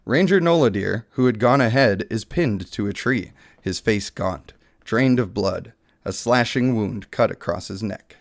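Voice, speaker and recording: A gravelly, fairly low male voice at a measured pace hosts a mobile gaming channel. He chats casually, laughs often, makes jokes about himself, and adds bits of dramatic reading.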